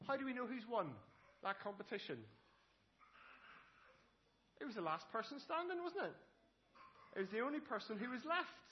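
Another children's talk in church comes from a preacher with a very high voice who keeps the mood lively and playful, asking the children question after question. He speaks at a moderate pace with long pauses, and the recording's highs are cut off.

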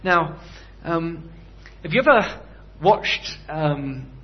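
A man's voice: a little high, animated, drawn-out words, highs cut off. A man preaching a sermon in a conversational way, often putting rhetorical questions to his listeners.

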